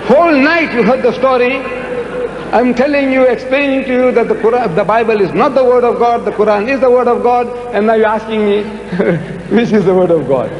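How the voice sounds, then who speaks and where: The recording is muffled and comes from a large, echoey lecture hall with long reverb, faint noise, and an audience present. There, a man with a very high voice gives a public lecture at a moderate pace and answers questions, speaking emphatically and repeating words for effect.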